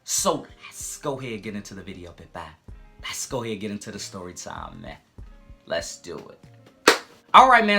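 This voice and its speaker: A storytime YouTuber in his twenties, speaking on the high side, tells a crude personal story heavy with profanity. His delivery is casual and animated in vlog style, with frequent asides.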